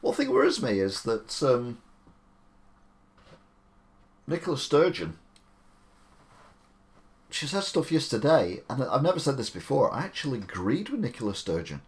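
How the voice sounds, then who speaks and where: A man's voice: mid-range voice, huge pitch swings, moderate pace. A man hosting a live stream, giving chatty, opinionated commentary with rambling asides.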